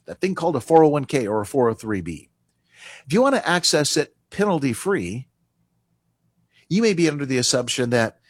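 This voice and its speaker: A man's voice: mid-range voice, slightly rough, no room sound. A man hosting a radio finance talk show, explaining retirement rules in an emphatic, conversational way. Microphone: studio microphone.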